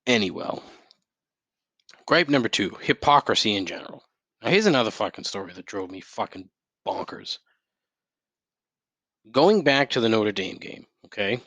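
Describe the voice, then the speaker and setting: A man's voice: fairly low pitch, animated, normal speed, long pauses, a bit bright, dry recording. Profane, rambling man ranting on a podcast. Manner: profane, rambling, with frequent restarts and outbursts. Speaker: podcast host. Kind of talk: solo podcast rant. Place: home.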